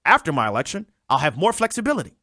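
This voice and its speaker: A commentary host putting on a low, smooth, confiding voice to mimic a president. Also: big pitch swings, rapid-fire, sharp tone, no room sound, studio quality.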